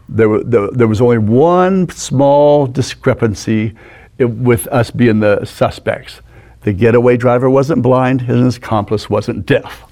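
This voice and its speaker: A man in his sixties telling animated stories as a guest in a studio interview, acting out the people in them. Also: medium pitch. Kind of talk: anecdotal storytelling.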